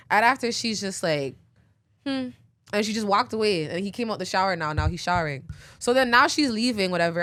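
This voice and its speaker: A woman's voice: on the low side, fairly bright tone, dry recording. A young woman, hosting a podcast and telling a long story in a rambling, filler-heavy way with frequent laughs. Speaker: podcast host. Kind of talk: casual storytelling.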